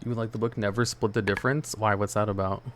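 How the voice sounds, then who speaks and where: A man's voice: fairly low pitch, little pitch movement, quick pace, fairly bright tone, a little hiss or hum. Laid-back rambling male streamer. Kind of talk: casual chat while gaming, answering chat.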